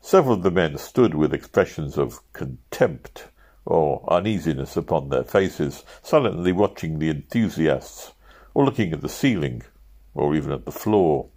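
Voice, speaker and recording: A man narrating a novel aloud at a steady pace, lifting his voice for shouted quotes. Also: extremely low pitch, normal speed, breathy edge. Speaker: audiobook reader.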